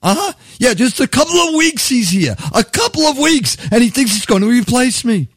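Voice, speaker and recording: A man's voice: very high-pitched, very animated, a little fast, husky, no echo, studio quality, voice pushed up, exaggerated voice. A man voicing God as a chummy, profane deity with a Brooklyn accent, chatting on the phone. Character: God, brash fast-talking deity on the phone.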